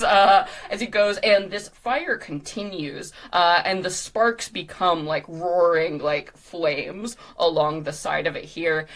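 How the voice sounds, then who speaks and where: A woman game master narrates a fantasy contest, slow and unhurried in her delivery. Her voice sits a little low, and she swings from excited bursts to hushed scene-setting. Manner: animated, laughing, drops to hushed description.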